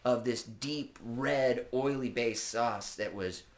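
A man telling stories in a casual chat, animated and swearing freely. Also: medium pitch, takes it slowly.

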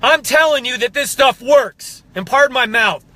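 A man's voice: very high voice, normal speed, sharp tone, no room sound. A man in his thirties, an exercise coach, giving a passionate, fired-up motivational pep talk to viewers. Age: 30s.

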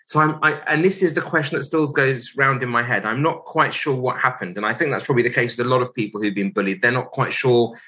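A man in his forties, a solicitor guest on a podcast, telling a painful personal story candidly, reflective and hesitant with many pauses and restarts. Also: mid-range voice, pushed and bright, rough recording.

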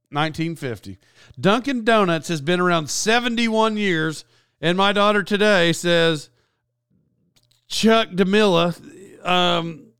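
A man's voice: a little high, a bit bright, clean tone, no room sound, studio quality. A man telling a rambling story in a casual vlog, full of restarts and side notes. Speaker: YouTuber.

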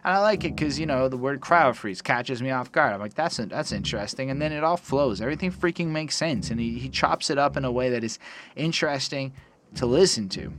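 A man's voice: medium pitch, a little fast. A man casually reviewing rap songs, rambling and swearing loosely as he reads lyrics aloud. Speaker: music reviewer.

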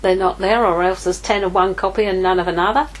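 A woman's voice: mid-range voice, fairly even intonation, fast, poor audio. A middle-aged woman giving an informal sermon, telling a personal story candidly and acting out her own inner dialogue. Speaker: ministry leader preaching.

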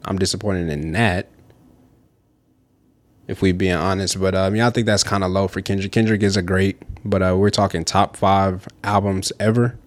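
Deep-voiced dude cohosting a podcast, chill, short replies. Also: male voice, fairly even intonation, normal speed. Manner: laid-back, brief agreeing replies. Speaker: podcast co-host. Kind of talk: casual chat.

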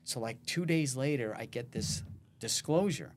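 A man's voice: medium pitch, expressive, unhurried, slight background noise. A man co-hosting a casual podcast, recounting odd client stories and quoting people as he goes. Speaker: podcast co-host, realtor. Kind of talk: casual storytelling chat.

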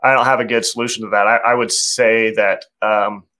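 Low-voiced man, thoughtful interviewer. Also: level tone, brisk, pushed and bright. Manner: thoughtful, uses fillers like "um" and "like". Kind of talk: conversational interview.

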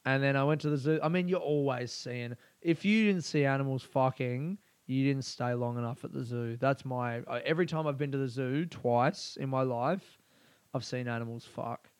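Here the young Australian podcast host has a smooth, mid-range voice at a moderate pace, with no room sound. Solo on his show, he rambles offhandedly, crude and profane.

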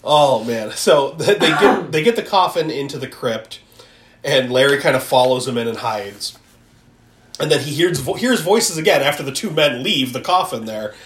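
Podcast host, casual film recap, lively swinging pitch, laughs and swears a lot, echoey room. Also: normal speed, slight background noise. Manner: animated, laughing, swears, acts out quotes.

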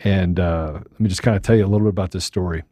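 A man co-hosting a podcast, talking loud and upbeat and laughing often. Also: deep voice, steady tone, racing, no echo, clean studio sound. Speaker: podcast co-host. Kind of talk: casual chat.

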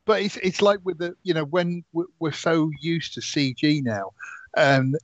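A man hosts a casual podcast, relaxed and chuckling as he moves the talk along. His voice sits a little high. The recording is dry and dull, like a lo-fi mic. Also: a little slow, no room sound. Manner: easygoing, chuckles, steers the talk. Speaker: podcast host. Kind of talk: casual movie chat.

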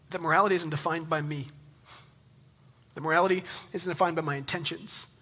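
A man in his thirties preaching a sermon in an animated, conversational way, joking with the congregation. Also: on the high side, slightly rough. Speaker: pastor. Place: church in Texas.

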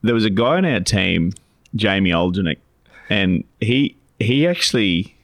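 Gravelly low Australian man, chatty. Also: expressive, measured pace, dry recording. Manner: meandering anecdotal storytelling. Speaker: podcast co-host, financial adviser. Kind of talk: casual chat.

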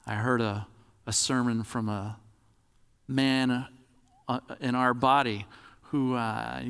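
A man's voice: mid-range voice, big-room sound. A man preaching a sermon in a conversational, demonstrative way, acting out examples as he talks.

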